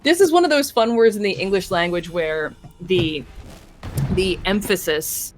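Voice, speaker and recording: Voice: mid-range voice, a little slow, soft background music. A podcast co-host chatting casually while gaming, rambling through explanations with many fillers. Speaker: podcast co-host playing a game. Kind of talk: casual gameplay chat.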